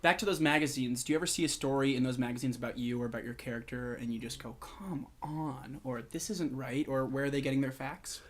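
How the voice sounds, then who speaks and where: A man's voice: mid-range voice, fast, hardly any pauses. A man hosting a podcast, asking questions in a playful, joking way. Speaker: podcast host. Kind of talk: casual interview.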